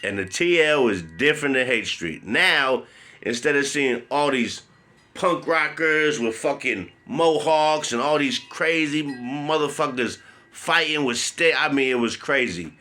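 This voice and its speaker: A man telling a personal story in a blunt, profane, animated way. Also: medium pitch, unhurried, soft background music. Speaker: vlogger.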